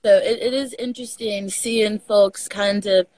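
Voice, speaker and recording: Animated Texan woman, dry close sound. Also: mid-range voice, a little slow, dry recording, low-quality recording. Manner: animated, laughs often, swears casually. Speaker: podcast guest. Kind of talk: casual conversation.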